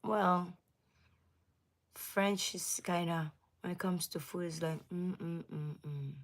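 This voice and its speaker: A woman hosting a casual livestream, chatting with viewers, laughing often and sometimes dropping into a soft whisper. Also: fairly low pitch, fairly even intonation, slow. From United States. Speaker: livestream host.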